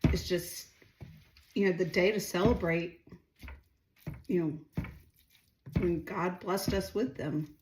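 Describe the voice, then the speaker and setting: A woman's voice: fairly low pitch, slow pace, long pauses, reverberant, background noise. A middle-aged woman chatting casually while she cooks, rambling and asking viewers questions. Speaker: home cooking vlogger. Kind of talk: casual chatty cooking vlog. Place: home kitchen.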